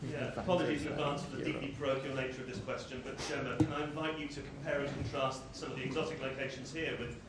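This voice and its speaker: An English journalist asking a long, wry question at a press conference. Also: male voice, medium pitch, fairly even intonation. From England. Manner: wordy, wry, quick. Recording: echoey room from far off with loud noise.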